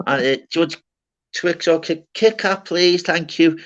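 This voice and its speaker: A man doing a high, prim, overly polite young boy talking to his nan. He stammers and trips over his careful manners, and the voice sits well above the speaker's own. The audio is a little dull. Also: a little slow, a bit bright.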